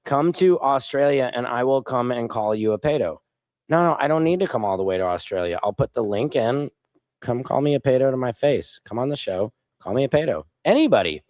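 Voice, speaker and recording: This livestream host has a mid-range, somewhat dark voice, captured in a dry recording. On his casual political stream he reads chat comments out loud, mocking and baiting the people who criticize him in a combative way.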